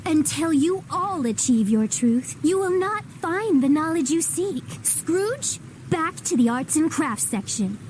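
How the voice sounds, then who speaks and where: Brief: mellow-toned cartoon mermaid guru, high and serene, preachy calm. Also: female voice, measured pace, a little hiss or hum. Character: serene preachy female mermaid hippie leader.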